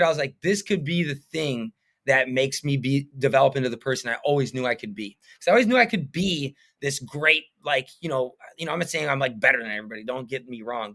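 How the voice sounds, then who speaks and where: In a casual podcast interview, a man in his thirties who owns a painting business speaks earnestly but meanders, using plenty of fillers. He has a medium pitch and a sharp tone.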